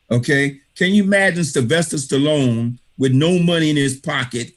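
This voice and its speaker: A man's voice: fairly high pitch, moderate pace, hardly any pauses. A man, the author, speaking on a video call, giving an emphatic motivational talk that repeats key phrases like a preacher. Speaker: author thanking readers at an online book reading. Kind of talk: motivational speech.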